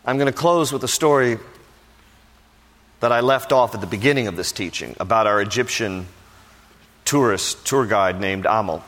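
With a lowish, fairly bright voice, a male pastor preaches at a moderate pace broken by long pauses. He tells stories and acts out quoted voices, and the recording has the long reverb of a large hall.

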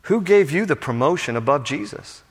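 A male pastor preaching a sermon to his congregation, swinging between impassioned build-ups and hushed, pastoral passages. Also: on the high side, animated, normal speed, slightly rough. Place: church sanctuary with a congregation. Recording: long church hall reverb.

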